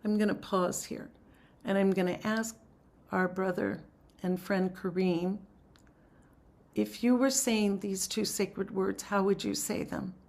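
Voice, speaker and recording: Soft-spoken woman teaching on a video call. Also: mid-range voice, steady tone, creaky. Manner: soft, reflective, unhurried. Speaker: Sufi teacher leading an online class. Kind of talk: spiritual teaching and guided chanting.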